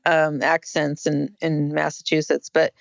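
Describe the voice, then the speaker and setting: A woman's voice: sits low, flat delivery, a little slow, creaky, no room sound, highs cut off. A woman co-hosting a podcast, talking casually about a court case, with many fillers and restarts. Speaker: podcast co-host.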